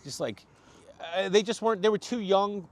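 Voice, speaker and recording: A man from Boston, a comedian guest on a podcast, telling animated stories and acting out what people said. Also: high voice, fast, a little hiss or hum. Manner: animated storyteller, acts out quotes. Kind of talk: casual podcast chat.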